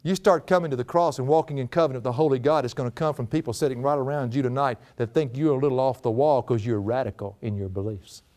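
A man's voice: medium pitch, fast, hardly any pauses, darkish tone. A middle-aged man with a drawl preaching a folksy storytelling sermon, often breaking into laughter.

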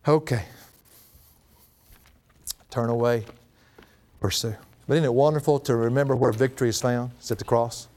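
A middle-aged man preaching a sermon as a pastor, folksy and animated, laughing often. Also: mid-range voice, moderate pace, pauses often.

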